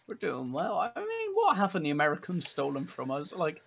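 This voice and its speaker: High-voiced teasing man. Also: huge pitch swings, vocal fry, husky. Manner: playful, teasing, quick to laugh. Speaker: podcast co-host. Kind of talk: casual chat.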